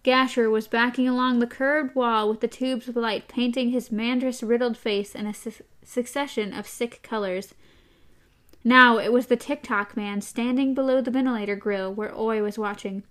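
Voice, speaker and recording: Expressive woman reading aloud. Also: fairly high pitch, normal speed. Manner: expressive, animated reading, chatty in discussion. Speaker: reader and co-host. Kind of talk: reading a novel aloud with discussion.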